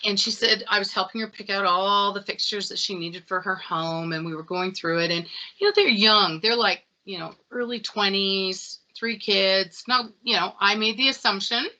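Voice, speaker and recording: A middle-aged woman sales expert in a casual interview, telling stories with animated acted-out dialogue. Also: medium pitch, normal speed, hardly any pauses, rough recording. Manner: animated storytelling, acts out dialogue. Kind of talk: conversational interview.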